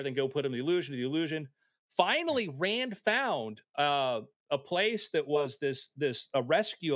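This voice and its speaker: A man telling anecdotes in a casual chat, animated and acting out the voices of people in his stories. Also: fairly high pitch, no echo. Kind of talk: casual storytelling.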